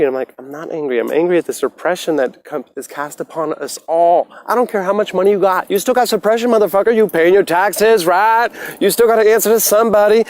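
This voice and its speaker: A man talking casually into his phone on a livestream, preaching about the mind and meditation with lots of swearing, swinging from soft musing to loud ranting. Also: high voice, quick pace, few pauses. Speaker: motivational livestreamer. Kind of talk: casual rambling livestream rant.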